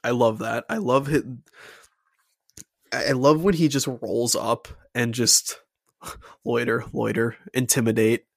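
A man with a gravelly, fry-tinged voice at an ordinary pitch, talking through a movie review in loose, rambling bursts. He fills his sentences with "like" and gushes about what he loves. The sound is dry and close. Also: a bit bright, no room sound. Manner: rambling, enthusiastic, filler-heavy with laughs. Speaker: podcast co-host. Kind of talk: casual film review chat.

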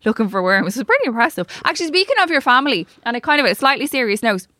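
An Irish woman in her thirties co-hosting a podcast, chatting casually in a teasing, expressive way. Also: fairly high pitch, racing, dry recording, studio quality. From Ireland. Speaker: podcast co-host. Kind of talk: casual chat.

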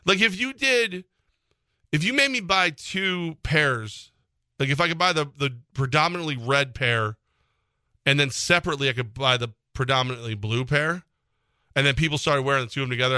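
A man's voice: medium pitch, normal speed, pushed and bright, clean tone, no room sound, clean studio sound. A man co-hosting a sports radio show, ranting in a casual, exasperated way and laughing as he goes.

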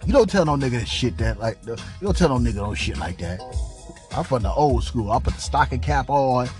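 A man hosting a podcast, telling a profane, animated rant about his job in a casual venting monologue. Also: medium pitch, brisk, faint music behind. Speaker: podcast host.

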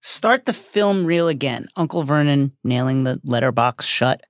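A man's voice: medium pitch, expressive, normal speed, dry recording, clean studio sound. A man co-hosting a podcast, recapping a book as dramatic storytelling and acting out the quotes. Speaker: podcast co-host. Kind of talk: recapping and reading book passages.

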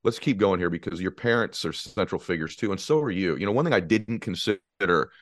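A man's voice: deep voice, animated, fairly quick, dry recording, clean studio sound. A man hosting an interview, responsive with frequent affirming murmurs and openly moved by the story. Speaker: podcast host. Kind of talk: interview conversation.

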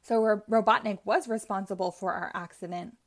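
A woman's voice: medium pitch, fairly even intonation, brisk, lightly acted. A woman doing a stern, kindly uncle. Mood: raised, emphatic. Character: kindly older uncle, firm when crossed.

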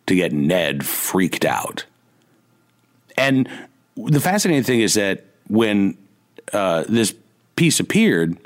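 A man hosting a radio talk show, musing in a halting way with many fillers, wry and indignant. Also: low voice. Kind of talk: casual radio monologue. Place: radio studio.

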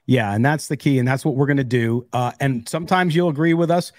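A man's voice: mid-range voice, brisk, no room sound, studio quality. A man co-hosting a sports podcast, talking with enthusiasm and reading quotes aloud. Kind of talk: casual sports talk.

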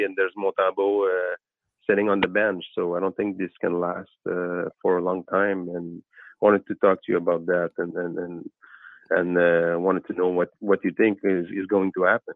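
A man's voice: low voice, flat delivery, moderate pace, no echo. A man with a Quebec French accent calling in to a sports show, talking hesitantly with many restarts. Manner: hesitant, many fillers and restarts, laughs easily. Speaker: caller. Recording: tinny phone line.

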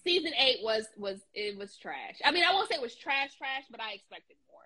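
A woman in casual podcast chat, talking in an animated, slangy, emphatic way. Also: on the high side, a little fast, low-quality recording.

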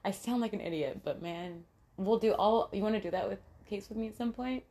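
A woman's voice: medium pitch, a little fast, mellow. A young adult woman co-hosting a casual true-crime podcast, chatty and giggly, with lots of fillers and swearing. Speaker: podcast co-host.

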